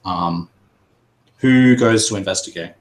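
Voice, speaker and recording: A man narrating as game master in a tabletop game, pausing often with fillers. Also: low-pitched, poor audio. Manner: hesitant, many pauses and fillers.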